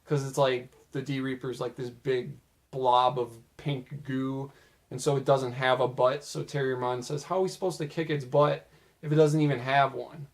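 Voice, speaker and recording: A man's voice: mid-range voice, normal speed. A young man casually recapping funny moments from a show, with a slightly strained voice he says he is losing. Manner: casual, chatty, quoting lines in lively put-on voices. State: losing his voice. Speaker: video host recounting show moments.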